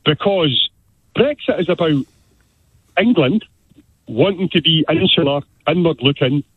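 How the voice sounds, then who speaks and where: A Scottish man calling in to a radio phone-in, his voice coming through a thin, tinny phone line. He sounds husky and makes his case with passion, pressing and repeating his points. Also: a little high, expressive, unhurried, no room sound. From Scotland. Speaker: caller.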